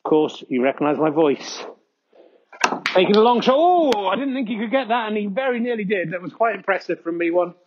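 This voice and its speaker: A man hosting a comedy podcast, giving mock-earnest snooker commentary with frequent excited exclamations. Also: high voice, quick pace, muffled recording. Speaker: host doing mock sports commentary.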